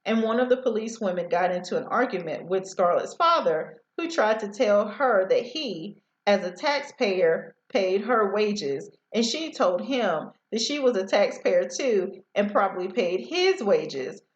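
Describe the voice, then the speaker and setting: A woman's voice: mid-range voice, expressive, a little slow, hardly any pauses, reverberant, highs cut off. A woman teacher reading a novel aloud to students over a headset, sometimes stumbling over words.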